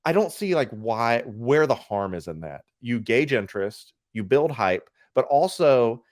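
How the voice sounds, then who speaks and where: An opinionated man chats casually on a podcast with a mid-pitched voice. His intonation swings widely up and down, and the sound is dry and close. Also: big pitch swings, unhurried, no echo. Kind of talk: casual chat.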